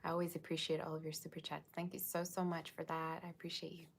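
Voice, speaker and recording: A woman's voice: low voice, flat delivery, fast talker, vocal fry, husky. A woman giving a casual, rambling livestream tarot reading, chatting with viewers and thanking them by name. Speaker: tarot reader.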